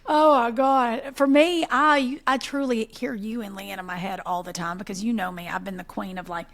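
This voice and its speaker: A woman in her forties co-hosting a podcast, telling animated stories in casual chat and laughing often. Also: a little high, normal speed. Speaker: podcast co-host.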